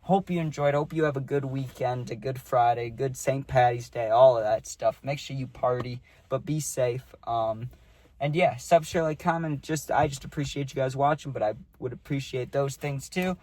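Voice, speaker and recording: A man's voice: mid-range voice, normal speed, dark tone, no room sound. A young man telling a rambling storytime, full of fillers like "dude" and "like". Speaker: vlogger. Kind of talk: casual storytime.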